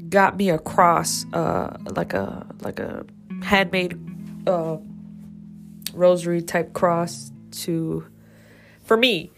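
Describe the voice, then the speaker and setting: Woman host, slow and low-pitched, emotional and profane personal storytelling, faint guitar music underneath. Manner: raw, emotional, heavy swearing. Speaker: podcast host.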